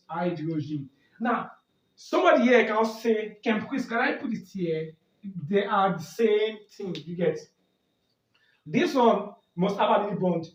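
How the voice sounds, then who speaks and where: A man's voice: sits high, animated, moderate pace. A man teaching a chemistry lesson, asking questions and answering them himself, and often asking "do you get that?". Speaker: chemistry tutor. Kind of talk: exam-prep lesson at a board. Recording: echoey room, mic far off, dull sound.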